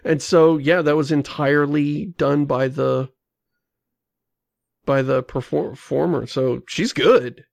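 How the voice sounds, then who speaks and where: A man's voice: fairly high pitch, steady tone, slow, gravelly, no echo. A man hosting a podcast, chatting casually and reading listener mail aloud. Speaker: podcast host. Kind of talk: casual chat.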